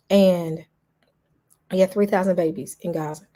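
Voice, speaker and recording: Husky-voiced middle-aged woman vlogger. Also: on the low side, measured pace, pauses often, darkish tone. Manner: repeats phrases for emphasis, talks straight to the audience. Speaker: vlog host. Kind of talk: emotional casual commentary to viewers.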